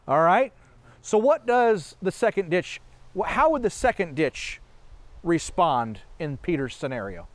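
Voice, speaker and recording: A man preaching a sermon, animated, asking rhetorical questions and laughing often. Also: high voice, a little slow, no room sound.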